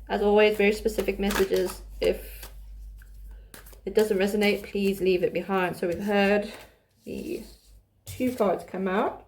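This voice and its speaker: This woman's medium-pitched voice is steady and darkish, unhurried and full of pauses, with a faint hiss or hum in the recording. Running a tarot reading channel, she chats casually to camera and laughs and restarts often while reading cards.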